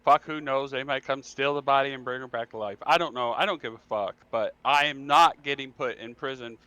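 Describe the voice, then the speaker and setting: An emphatic man ranting at the game table, his voice bright and forceful. The sound is dull and lo-fi, a middle-pitched voice pressing his point. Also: a little fast, clean tone, no room sound. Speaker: player. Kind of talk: casual game chat.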